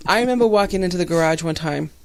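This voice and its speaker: A woman's voice: on the low side, rapid-fire. A woman hosting a podcast, telling stories in a casual chat and laughing often as she talks. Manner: animated storyteller who laughs often. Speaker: podcast host.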